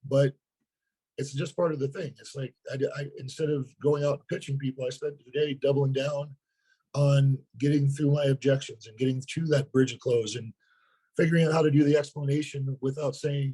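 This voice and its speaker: Hoarse earnest man in a webinar. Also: mid-range voice, steady tone, normal speed, warm tone, poor audio. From North Dakota. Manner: earnest, repeats words when starting. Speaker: sales partner. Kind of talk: webinar interview.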